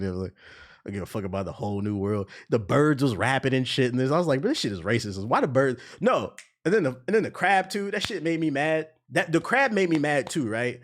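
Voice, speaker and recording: Animated profane man ranting on stream. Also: mid-range voice, fast. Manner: animated, profane, mocking voices. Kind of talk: casual ranting commentary.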